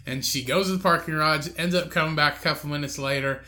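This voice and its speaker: Podcast co-host, male, crude laughing storyteller with a bright, slightly high voice. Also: quick pace. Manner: crude, laughing storyteller, acts out drunk friend and angry lady. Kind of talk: casual storytelling chat.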